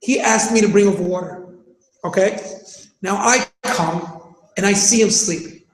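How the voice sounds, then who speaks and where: A man's voice: high voice, a little slow, roomy sound, poor audio. A man in his thirties teaching a class, who keeps firing rhetorical questions, acts out scenes and raises his voice for emphasis. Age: 30s. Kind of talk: animated classroom lesson.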